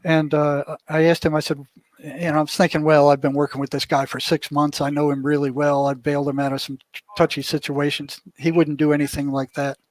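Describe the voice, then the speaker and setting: An older man, a former prison mental health worker, appears as an interview guest and tells a story casually, acting out what people said along the way. His voice is fairly high with a level tone and a slightly fast pace, recorded dry.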